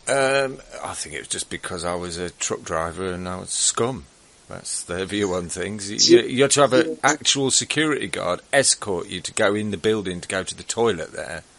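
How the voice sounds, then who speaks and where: A man's voice: low voice, moderate pace, vocal fry, a bit bright. A man from England co-hosting a talk show, telling his own stories in a laid-back, rambling way. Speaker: radio show co-host. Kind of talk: anecdotal storytelling on a talk show.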